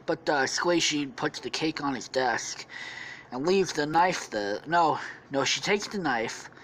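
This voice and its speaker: Low-voiced woman rambling through a crude story. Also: lively intonation, measured pace, a bit bright, slight background noise, poor audio. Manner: rambling, profane, full of self-corrections. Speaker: podcast host. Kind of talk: casual comic storytelling.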